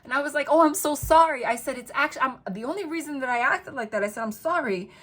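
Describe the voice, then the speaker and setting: A woman reading tarot in a casual vlog, chatty and rambling, telling animated stories full of quoted dialogue. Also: high-pitched, fast talker. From New Jersey. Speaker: tarot reader.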